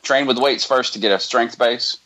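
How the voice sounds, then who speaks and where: A man's voice: medium pitch, moderate pace, pushed and bright, low-quality recording. An American man, a strongman guest, chatting easily and laughing along. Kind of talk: casual podcast chat.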